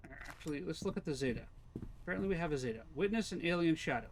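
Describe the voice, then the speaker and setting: A man's voice: on the high side, lively intonation, fast, slight background noise. A Canadian man casually commenting on a game he is playing live, reading its text aloud and chatting with viewers. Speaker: streamer.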